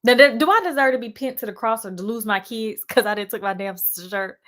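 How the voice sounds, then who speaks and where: A woman's voice: on the high side, brisk. A young woman, casually telling a story on a live stream and talking straight to her viewers. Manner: animated, sassy, addresses viewers as y'all.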